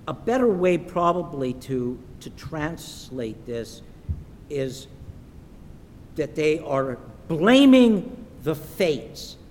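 A man preaching a sermon in a church, slow and emphatic, sometimes acting out the voices of the people in his stories. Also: a little mellow. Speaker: pastor. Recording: echoey hall with faint rumble.

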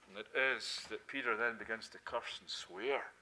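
Bright-voiced Scottish preacher. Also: male voice, moderate pace. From Scotland. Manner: earnest, rising to emphatic peaks then dropping low. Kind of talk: sermon.

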